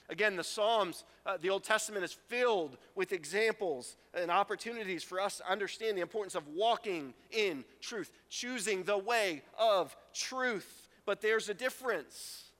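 A middle-aged man preaching a sermon as pastor, animated, acting out quotes and laughing often. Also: sits high, normal speed, few pauses. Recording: reverberant hall.

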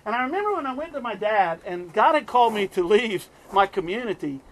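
A middle-aged man from the US East Coast preaches a sermon, telling stories animatedly and chuckling often. His voice sits high and he speaks fairly quickly.

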